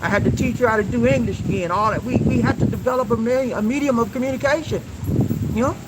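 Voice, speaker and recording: A man's voice: very high-pitched, fast talker, heavy background noise. A man hosting a relationship advice talk, preaching emphatically to his viewers with call-and-response questions and repeated lines.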